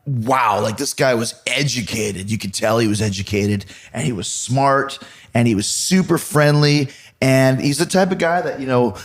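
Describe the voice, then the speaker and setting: Podcast host, man from Canada, middle-aged, relaxed animated storyteller. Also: medium pitch. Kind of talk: casual storytelling monologue.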